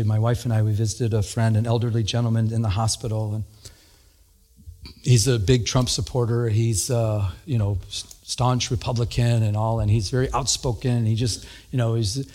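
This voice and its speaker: A man preaching a casual radio sermon, animated, often laughing and acting out little scenes. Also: mid-range voice, slightly rough. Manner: animated, laughs and acts out beeping and dialogue. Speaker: pastor.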